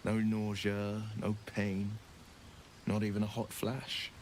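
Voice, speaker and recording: A man's voice: lowish voice, monotone, slow, darkish tone. An actor playing an arch, sardonic male adventurer companion with polished, theatrical diction in a video game. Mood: wry. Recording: game audio with faint background noise.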